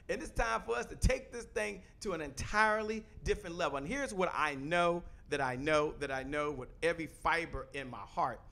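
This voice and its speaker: A man hosting an online show, loudly and quickly pitching his offer to the camera and repeating phrases for emphasis, from a home studio. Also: gravelly. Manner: loud, fast-talking, emphatic, repeats phrases. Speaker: host. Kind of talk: energetic sales pitch to camera. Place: home studio with a photo wall backdrop.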